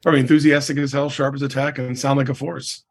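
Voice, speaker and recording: A middle-aged man with a husky, slightly breathy voice, speaking as a coaching guest in a relaxed podcast chat. He is emphatic and keeps checking in with his listener as he drives each point home. His pitch sits in an ordinary middle range. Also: fast talker. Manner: emphatic, leans on "I mean" and "right?". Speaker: real estate coach, guest. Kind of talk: casual podcast interview.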